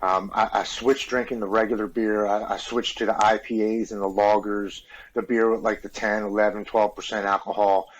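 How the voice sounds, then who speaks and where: A man's voice: on the low side, level tone, moderate pace, muffled recording, slight background noise. A man in his forties from the United States, a podcast guest earnestly and openly telling a personal story. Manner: earnest, open, repeats words when moved.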